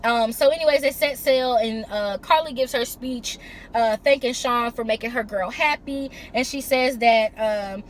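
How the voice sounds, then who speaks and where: A woman's voice: fairly high pitch, normal speed, slight background noise. A woman recapping a reality TV episode in a casual, chatty way, mixing summary with blunt, sassy opinions. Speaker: reality TV reviewer.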